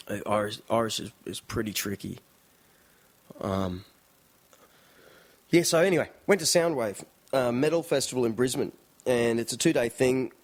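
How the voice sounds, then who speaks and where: Rambling Australian man chatting. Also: fairly low pitch. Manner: chatty, rambling, full of fillers and impressions. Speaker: vlogger. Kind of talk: casual rambling chat.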